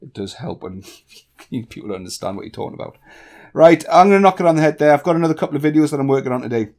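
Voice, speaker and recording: A man from northeast England with a softened northeast English accent, answering viewer questions bluntly in a casual vlog. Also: on the high side, animated, racing. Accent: northeast English, toned down. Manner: blunt, candid, chatty with swearing. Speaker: YouTube tech tutorial creator.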